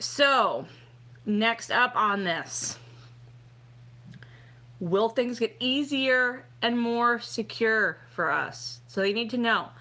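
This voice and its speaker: Woman, middle-aged, live-stream host, chatty and rambling, bright crisp voice. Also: mid-range voice. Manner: chatty, rambling, full of "like" and "you know". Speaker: live-stream host giving fortune readings. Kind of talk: casual live-stream chat.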